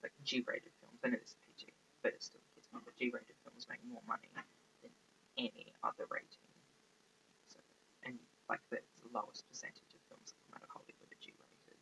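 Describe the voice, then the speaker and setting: A man's voice: mid-range voice, level tone, fairly quick, gravelly, pushed and bright. A man giving a casual, rambling film review, often losing his train of thought and filling gaps with ums. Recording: faint background noise, poor audio.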